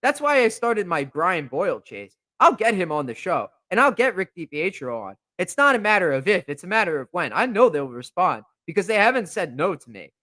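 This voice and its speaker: A man's voice: sits high, sing-song, brisk, hardly any pauses, pushed and bright, no room sound. A young man hosting a podcast, ranting in a fired-up, indignant way and repeating himself as he builds steam. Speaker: podcast host. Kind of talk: heated podcast rant. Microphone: podcast microphone.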